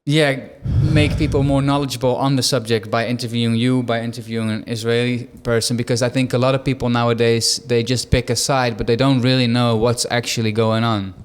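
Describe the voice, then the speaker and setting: A man's voice: mid-range voice, little pitch movement, fairly quick, hardly any pauses, clear, resonant tone. A young man, hosting a podcast and asking casual, probing questions. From Australia. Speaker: podcast host. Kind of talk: interview.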